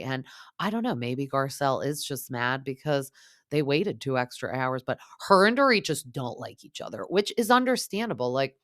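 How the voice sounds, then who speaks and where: A young woman hosting a podcast, recapping reality TV in a chatty, gossipy way and quoting the cast in quick impressions. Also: low-pitched, sing-song, a bit bright. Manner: chatty, gossipy, lots of "like", mimics cast members. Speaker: podcast host.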